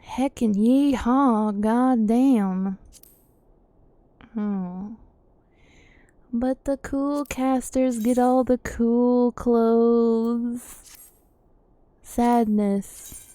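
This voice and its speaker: A woman chatting playfully while she streams a game, joking and laughing at her own voices, over soft music. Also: a little high, fairly even intonation, very slow, pauses often, dry recording. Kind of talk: casual live-stream commentary. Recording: faint game music behind.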